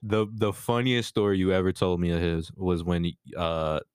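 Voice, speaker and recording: Deep-voiced young man, easygoing chat. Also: moderate pace, clear, resonant tone, dry recording, clean studio sound. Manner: easygoing, affirming, repeats phrases, gives shout-outs. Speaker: podcast co-host. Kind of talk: casual chat.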